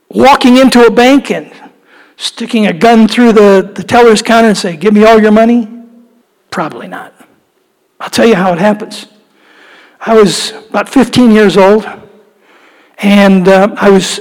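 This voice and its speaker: A man delivers a sermon in a high, ringing voice. He tells stories animatedly and builds to impassioned pleading. The sound carries a long reverb, as in a large church. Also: a little mellow. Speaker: pastor.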